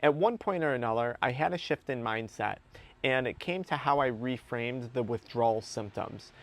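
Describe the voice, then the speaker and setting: A man's voice: mid-range voice, normal speed. A man speaking as an addiction recovery coach, giving a motivational talk to camera in an earnest, emphatic way, repeating key words for stress.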